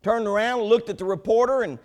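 A pastor preaches a sermon, telling a story with animated build-ups before moving to the scripture text. His voice sits high and his pace is brisk.

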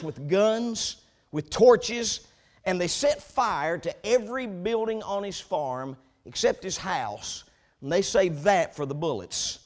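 A man preaching a sermon, telling a story with animated build-ups before turning to the scripture text. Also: sits high. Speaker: pastor.

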